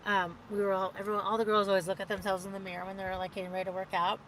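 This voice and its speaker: A woman's voice: medium pitch, little pitch movement, racing, a bit bright, slight background noise, low-quality recording. A woman hosting a casual livestream, chatting in a rambling way and reading out viewer comments. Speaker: livestream host.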